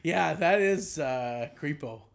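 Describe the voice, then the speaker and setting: A man's voice: on the high side, animated, slow pace, vocal fry. A man in his thirties, a guest comedian, chatting casually and telling rambling stories with frequent laughs. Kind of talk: casual chat.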